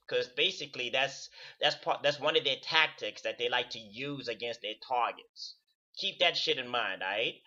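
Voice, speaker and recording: A man's voice: fairly high pitch, expressive, fairly quick, bright, forceful tone, dull audio. A man talking to camera in a casual, profane rant, repeating words for stress. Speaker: video commentator. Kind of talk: casual ranting monologue.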